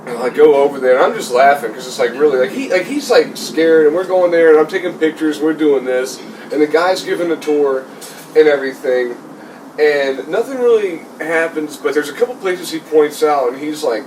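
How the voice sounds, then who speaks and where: On a slightly distant mic with faint noise, a young podcast host tells a comic ghost story in a rambling style filled with "like." His voice is on the high side and a little mellow, and he speaks at normal speed.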